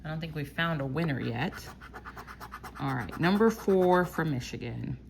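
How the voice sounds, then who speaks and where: A woman from Texas hosts a casual scratch-off vlog, calling out each symbol slowly and deliberately. Her voice sits a little low with a gravelly, fry-laden texture. Faint noise hums behind her. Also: expressive. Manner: slow, reads out symbols one by one while scratching. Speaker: lottery scratch-off vlogger.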